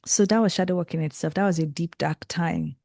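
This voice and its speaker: A woman's voice: on the low side, fairly quick, vocal fry, no echo, studio quality. A young Nigerian woman talking in a casual interview, reflective and earnest, often restarting her sentences. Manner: earnest, reflective, animated with frequent self-corrections. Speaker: guest, creative and tarot reader.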